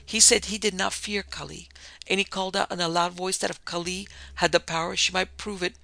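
A reader voicing a frightened woman missionary who recounts her ordeal in a hushed, earnest way, as in an audiobook. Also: mid-range voice, fairly even intonation, fairly quick, vocal fry, no room sound, low-quality recording. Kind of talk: audiobook reading.

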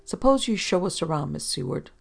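A reader playing a cool, hard-faced police sergeant who talks bluntly and short, in a gravelly, fairly loud voice. A no-nonsense lawman from an old detective audiobook. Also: mid-range voice, sing-song, a little fast, exaggerated voice. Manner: blunt, clipped. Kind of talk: audiobook reading.

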